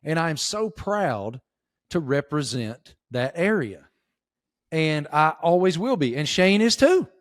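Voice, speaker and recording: A middle-aged man from Appalachian Virginia with a Southern accent, telling stories in a folksy, animated way as a podcast guest. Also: fairly high pitch, a little slow, no room sound, clean studio sound. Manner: folksy, animated storytelling with emphatic bursts. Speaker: sports reporter guest. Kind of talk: casual podcast interview.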